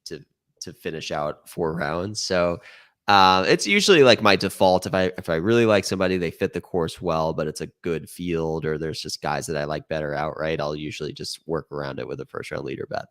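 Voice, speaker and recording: A man's voice: rumbling low, a little fast. A man as a podcast guest, casually explaining his betting approach with many fillers. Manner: relaxed, filler-heavy explaining.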